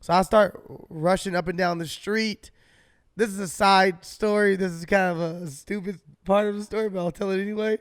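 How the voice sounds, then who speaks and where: A man co-hosting a podcast, telling a story in an animated, casual way and swearing freely. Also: sits high, normal speed, clear, resonant tone, dry recording, studio quality. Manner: animated, swearing, acts out his own shouts. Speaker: podcast co-host.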